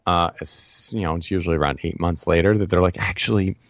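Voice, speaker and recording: A man's voice: sits low, fast, dry recording, muffled recording. A man telling stories with lots of energy as a guest in a casual podcast interview. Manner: energetic, animated storyteller. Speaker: podcast guest, ad agency partner.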